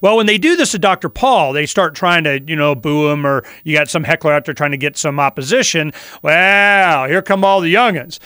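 A man from Florida hosting a talk radio show, telling stories in a rambling, animated way. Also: fairly high pitch, normal speed, clean tone, dry recording, studio quality.

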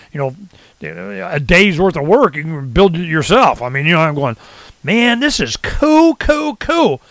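A man talking in a casual rant, rambling and animated, often acting out what others say. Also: a little high, dry recording. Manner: rambling, animated, swings into quoted voices. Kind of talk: casual ranting chat.

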